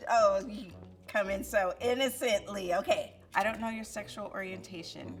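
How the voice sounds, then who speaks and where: A woman with an ordinary mid-range voice, questioning people in a casual, direct way. She is blunt, stating her judgments without softening them. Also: medium pitch, moderate pace. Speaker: participant judging a lineup.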